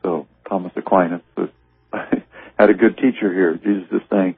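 Husky low-voiced man on tinny radio. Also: steady tone, normal speed, dry recording. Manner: reads passages aloud, then explains them with warm emphasis. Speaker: radio teacher of spirituality. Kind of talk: radio teaching on a devotional text. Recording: narrow, tinny radio broadcast sound.

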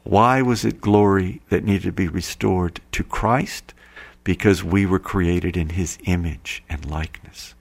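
A man's voice: low-pitched, fairly even intonation, a little slow, creaky. A man giving a sermon-style talk, earnestly explaining passages he reads aloud. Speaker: preacher. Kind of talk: sermon-style spiritual reading commentary.

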